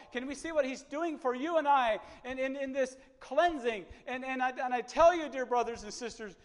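High-voiced preacher in an echoing hall. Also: male voice. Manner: repeats words, builds to impassioned high outbursts. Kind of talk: sermon.

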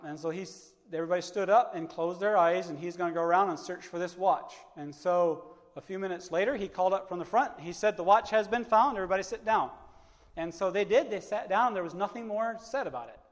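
A man delivering a church sermon in a notably high voice, with a long reverb trailing each phrase in the hall. He repeats words as he gathers his thoughts, then rises into impassioned, fervent stretches. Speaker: preacher.

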